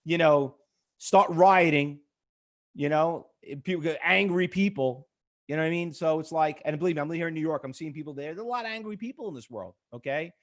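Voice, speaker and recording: A trading educator teaches a live webinar, blunt and pushy with his viewers. His voice is on the high side and a little fast, and he rambles chattily with lots of fillers.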